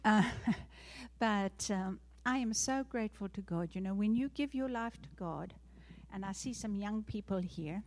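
A woman's voice: medium pitch, a little slow, a little mellow, slight background noise. A middle-aged woman with a South African accent, a missionary speaking earnestly to a church congregation, often laughing lightly. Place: church sanctuary.

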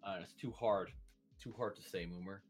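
A man's voice: sits low, moderate pace, soft background music. A man in casual podcast chat with a friend, rambling and profane, laughing often. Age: adult, a parent.

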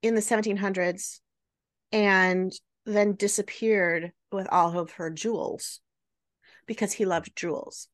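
A woman's voice: mid-range voice, fairly even intonation, measured pace. A woman hosting a casual chat and telling a story, peppered with "right?" and "like". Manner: chatty, many fillers like "right?" and "like". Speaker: podcast host.

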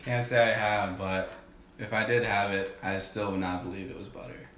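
A man's voice: fairly low pitch, fairly even intonation, normal speed, fairly bright tone, echoey room, slight background noise. A young man from New Jersey co-hosting a casual podcast chat, goofy and full of surfer slang. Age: young adult. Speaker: podcast co-host.

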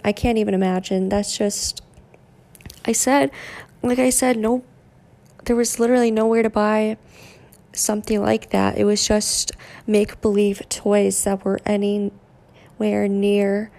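Slow, flat-voiced young woman, gravelly. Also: mid-range voice. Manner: monotone, deadpan delivery. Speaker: podcast host. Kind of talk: casual motivational monologue.

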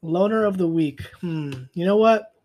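A man's voice: sits high, moderate pace, darkish tone. A young man hosting a solo podcast, talking in a profane, rambling way and trailing off into mutters. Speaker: podcast host. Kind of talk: casual solo podcast rant.

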